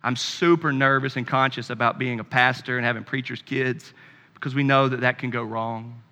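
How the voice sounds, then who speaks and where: A man's voice: medium pitch, steady tone, moderate pace, sharp tone, long reverb tail. A man preaching a sermon as pastor, emphatic and impassioned, with conversational asides to the congregation.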